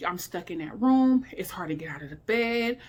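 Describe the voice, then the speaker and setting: A middle-aged woman at home, talking candidly to her viewers in a rambling, emotional way, sounding weary and low. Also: animated, moderate pace. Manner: emotional, heartfelt, rambling with many fillers. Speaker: vlogger. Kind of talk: candid personal vlog talk. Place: indoors at home.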